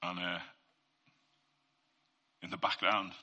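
A man sharing his Christian testimony in an informal faith talk. His voice sits a little low, but its tone is very bright and cutting. He talks earnestly and conversationally, often turning to the listeners to draw them in. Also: level tone, slow.

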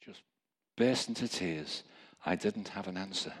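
A man preaching a testimony sermon, telling stories in a lively way with chuckling asides. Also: sits low, a little slow, husky. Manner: storytelling, animated, chuckling asides.

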